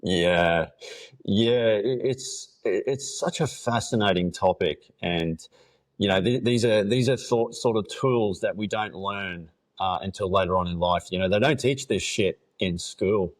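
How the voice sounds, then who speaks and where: Low-voiced man hosting a casual podcast. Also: unhurried. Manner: loose, fillers, swears casually. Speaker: podcast host. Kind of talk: casual interview chat.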